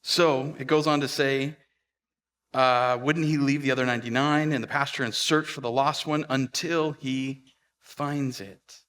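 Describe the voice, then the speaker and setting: Male pastor, bright and forward tone, loose conversational sermon delivery full of asides. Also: mid-range voice, steady tone, measured pace. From Pacific Northwest of the US. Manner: conversational storytelling with fillers and restarts.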